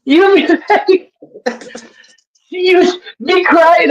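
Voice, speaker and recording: Woman, casual panel chat; playful, profane, laughs a lot, lively quoting. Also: slow pace, pauses often, low-quality recording. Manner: laughing often, acting out quotes in animated pitch jumps; profane, teasing. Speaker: panelist on a live audio chat.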